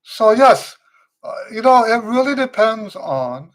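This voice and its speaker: A man teaching trumpet on a live-stream Q&A, tired and weak with a fading voice, speaking slowly and repeating his key points for emphasis. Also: high-pitched, sing-song, a bit bright.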